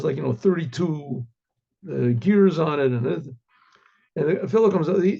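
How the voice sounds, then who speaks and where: Rabbi storyteller, male, fairly high, dark husky tone, loose rambling delivery, muffled lo-fi recording. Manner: rambling, many fillers and restarts, frequent throat clearing. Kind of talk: casual spoken storytelling.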